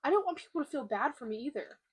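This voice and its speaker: A young woman in a confessional vlog, speaking candidly and haltingly while holding back emotion. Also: high voice, big pitch swings. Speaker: vlogger. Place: room by a window, at home.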